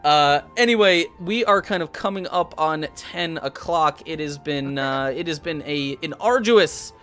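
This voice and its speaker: Chatty host with a bright voice. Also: male voice, fairly high pitch, unhurried, faint music behind. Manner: rambling, many restarts, bursts into put-on voices. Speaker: host and dungeon master. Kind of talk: casual live-stream chat.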